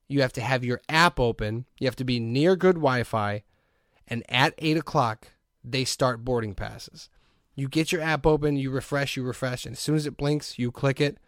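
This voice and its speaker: A man hosting a podcast, telling a long story in a casual, animated way and often breaking into laughter. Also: medium pitch, no room sound, studio quality. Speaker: podcast host.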